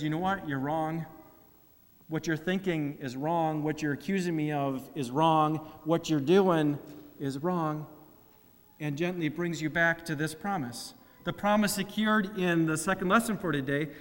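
A man's voice: a little high, in a large hall. A man preaching a sermon, asking rhetorical questions and acting out quoted complaints. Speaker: pastor.

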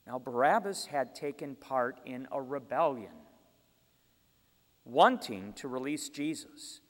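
A man giving a measured, steady reading of scripture aloud. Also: mid-range voice. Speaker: scripture reader. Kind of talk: Bible reading. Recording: long hall reverb.

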